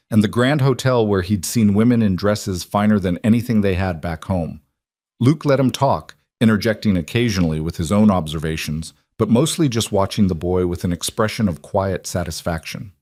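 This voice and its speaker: A man narrating a scripted Western story in a steady, measured way. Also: on the low side, no room sound, studio quality.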